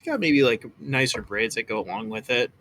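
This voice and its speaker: Bright-voiced man running a tabletop game. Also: medium pitch, animated, fairly quick, a little hiss or hum. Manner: loose, searching, with many fillers. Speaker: game master.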